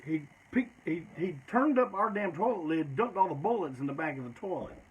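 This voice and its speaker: A man's voice: on the high side, expressive, brisk, slightly rough, lo-fi sound. A man telling stories in a loose, rambling, profane way, often tacking "man" onto his sentences. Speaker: storyteller. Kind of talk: casual storytelling.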